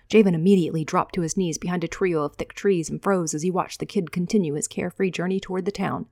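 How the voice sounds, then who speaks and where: A woman author reads her own fantasy novel in a steady, measured storytelling voice. Her pitch sits a little low, and the recording is dry and close. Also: no room sound.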